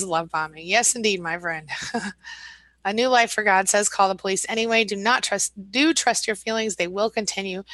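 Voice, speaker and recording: A woman coach hosts a live stream from a home setup, reading viewer comments and answering each one. Her voice is bright and forceful at a middle pitch. The sound is dry and close to the mic. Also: dry recording, rough recording. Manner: warm, chatty, reads comments aloud with frequent laughs and fillers.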